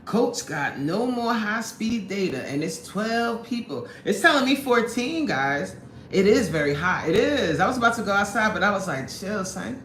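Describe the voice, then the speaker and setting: A chatty woman streamer hosts a casual live stream from an indoor room at her workplace, excitedly greeting viewers, laughing often and staying lively. Her pitch is very animated and her pace moderate. The room sounds echoey, with faint background hiss.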